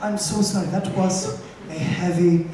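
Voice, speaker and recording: A man's voice: high-pitched, steady tone, unhurried, background noise. A man playing a brash, campy glam rock drag diva who teases her band and audience in live stage musical banter. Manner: camp, sardonic, teasing the band and audience. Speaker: stage show frontwoman. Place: large theater stage. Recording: echoey live theater from far off with loud audience.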